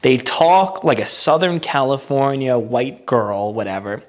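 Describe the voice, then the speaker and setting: A man co-hosting a podcast in casual chat, animated and prone to mimicking voices. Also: mid-range voice, measured pace. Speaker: podcast co-host.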